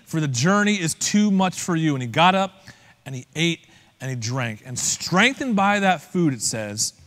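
Male pastor, slightly high voice, conversational sermon delivery, long hall reverb. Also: fairly bright tone. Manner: conversational, asks listeners direct questions. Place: church.

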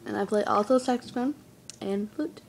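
A woman's voice: mid-range voice, moderate pace, gravelly, slight background noise, rough recording. A teenage girl co-hosting a casual home vlog, bouncy and teasing. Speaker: vlog co-host. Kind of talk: casual chat.

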